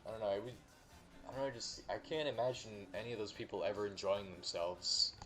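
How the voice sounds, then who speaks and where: A man's voice: lowish voice, a little fast, fairly bright tone, soft background music. A young man chatting casually while streaming a game, rambling with many fillers and restarts. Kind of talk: casual gameplay chat.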